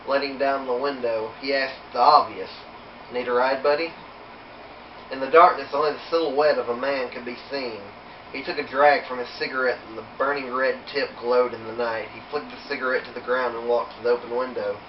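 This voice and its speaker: A man reading his own horror story aloud in a steady, unhurried storytelling manner. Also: medium pitch, slight background noise. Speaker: author reading his book. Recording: roomy, distant, dull home recording.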